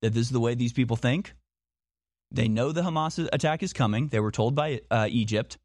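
A man's voice: mid-range voice, a little fast, a little mellow, no echo, studio quality. A man talking in a monologue, insistent, firing off repeated rhetorical questions and often restarting his sentences. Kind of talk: monologue commentary.

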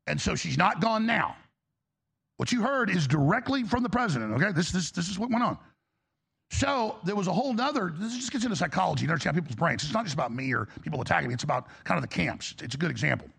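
A man's voice: high-pitched, expressive, quick pace, fairly bright tone. A male talk show host delivering an angry, exasperated political rant, blunt and profane. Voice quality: gravelly.

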